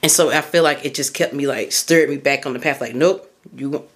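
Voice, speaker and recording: A woman with a very deep, slightly bright voice talks a little fast as she hosts a podcast as a mindset coach. Her motivational monologue is casual and candid, built on personal stories, with loose phrasing and plenty of fillers.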